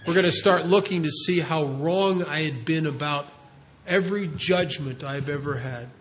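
A man speaking at a recovery meeting, telling a story in an earnest, animated way. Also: a little high, moderate pace. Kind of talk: storytelling talk.

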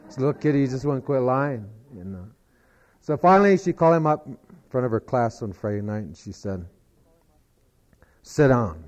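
A man's voice: medium pitch, sing-song, fairly quick, darkish tone, dull audio. A man telling a long joke in a folksy, rambling way, full of "he said" asides. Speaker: storyteller.

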